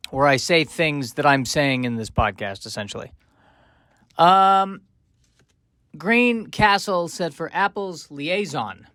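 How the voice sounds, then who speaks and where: A man's voice: medium pitch, fairly bright tone, no echo. Dry-voiced joking male podcast host. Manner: joking, rambling, self-mocking asides. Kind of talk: comedic podcast monologue.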